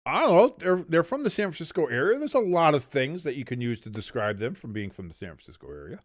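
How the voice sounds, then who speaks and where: A man's voice: medium pitch, sing-song, fast, dry recording, studio quality. A man hosting a live sports watch-along, calling plays in a casual, joking way and chatting with viewers. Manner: joking, chatty, reads out chat messages. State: wired on coffee. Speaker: watch-along stream host. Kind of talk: casual live play-by-play commentary.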